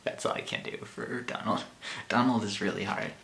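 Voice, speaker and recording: A man's voice: lowish voice, steady tone, normal speed, gravelly, fairly bright tone, a little hiss or hum. A young man hosting his own vlog, nervous and giggly, apologizing for his impressions. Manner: nervous, giggly, self-deprecating. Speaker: channel host. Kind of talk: casual vlog.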